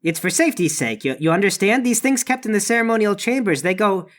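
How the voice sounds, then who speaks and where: Gm doing a nervous stammery servant, apologizes a lot, lively voice. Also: medium pitch, quick pace, natural voice. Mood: timid. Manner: hesitant, stammering, deferential. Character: timid male servant, apologetic.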